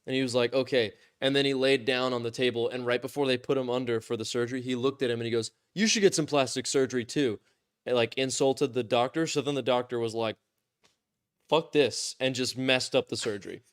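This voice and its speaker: A man's voice: medium pitch, level tone, fast talker, few pauses, clean tone. Rambling, swearing young man on a podcast. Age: 20s. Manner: rambling, self-mocking, swears freely. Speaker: podcast host. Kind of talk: casual podcast chat.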